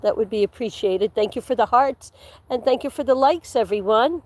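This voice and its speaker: On a livestream, a woman with a somewhat high voice walks outdoors through the woods, chatting casually with viewers at normal speed. She rambles from one story to the next, laughs easily, and occasionally lowers to a whisper.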